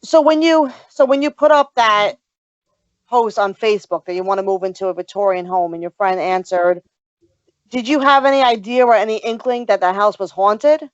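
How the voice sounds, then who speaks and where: A woman's voice: mid-range voice, moderate pace, no room sound, highs cut off. A woman hosting a casual podcast interview, eagerly asking curious questions. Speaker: podcast host.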